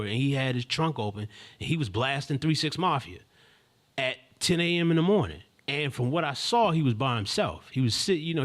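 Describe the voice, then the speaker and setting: A man hosting a live stream, telling a story in a casual, rambling, slangy way with many asides and restarts. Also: medium pitch.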